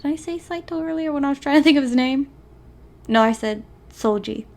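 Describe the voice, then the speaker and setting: A woman's voice: sits high, brisk, creaky, darkish tone. A young woman commenting on a visual novel, sarcastic and exasperated, swearing freely. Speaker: gaming YouTuber.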